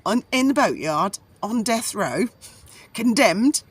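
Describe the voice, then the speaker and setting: A woman's voice: mid-range voice, lively intonation, takes it slowly, slightly rough. A middle-aged woman, recounting her past in a chatty, rambling way full of fillers and restarts. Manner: chatty and rambling, with frequent fillers and self-corrections. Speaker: vlogger. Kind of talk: casual personal storytelling.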